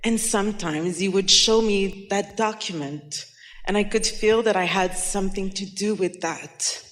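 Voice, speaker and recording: A woman from the audience speaks into a handheld mic, telling a personal story before her question. She talks slowly and haltingly, with many fillers and restarts. Long reverb from a big hall trails her words. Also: medium pitch. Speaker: audience member asking a question.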